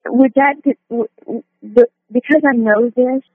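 A woman calling in to a radio show, hesitant and halting with many fillers. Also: on the high side, fairly even intonation, dry recording. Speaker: caller. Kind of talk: call-in question. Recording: tinny phone line.

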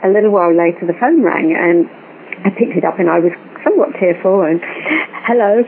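Lower-pitched woman over a tinny phone line. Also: fast talker, vocal fry, slight background noise. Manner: animated storytelling, acts out quoted voices. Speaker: guest. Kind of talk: storytelling in a phone interview.

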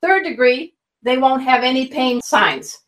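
A woman who teaches pet first aid, giving energetic, folksy, hands-on instructions as a guest expert. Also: sits high, a little slow, distant mic. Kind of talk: guest expert in an online interview. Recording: roomy, a bit off-mic.

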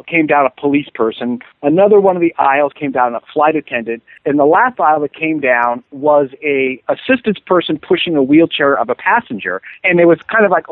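A man who volunteers with a therapy dog, telling a story in an unhurried, descriptive way during an interview. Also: fairly high pitch, no echo. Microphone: phone. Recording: tinny phone line, dry.

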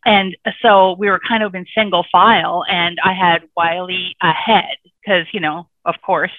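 A woman's voice: fairly low pitch, no room sound. Woman telling stories over a phone line. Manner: animated, rambling storyteller with many fillers. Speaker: guest, dog book author. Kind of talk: casual storytelling interview. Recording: tinny phone line, dry.

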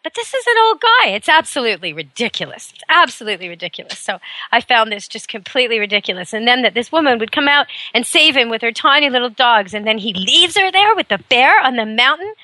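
A woman's voice: on the high side, very animated, a little fast, pushed and bright, no echo. Woman, radio host, talk radio monologue, emphatic, opinionated, studio mic, dry close sound.

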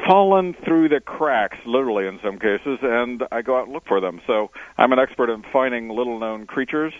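A male explorer and author, a guest on a radio interview, telling adventure stories in a relaxed way with many "uh" fillers, heard over a phone line. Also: medium pitch, no room sound. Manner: relaxed storyteller with frequent uh fillers. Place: on location, not in studio. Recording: dry tinny phone line.

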